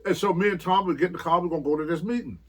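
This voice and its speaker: A man's voice: high-pitched, very fast. An older man and former wrestler telling rambling, laughing stories in an interview. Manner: rambling storyteller who laughs often and acts out quotes. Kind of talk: casual anecdote telling.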